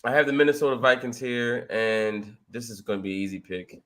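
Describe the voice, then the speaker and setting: A man's voice: mid-range voice, brisk, noisy background. A man picking teams in a casual mock draft chat, loose and jokey, sometimes stumbling over names.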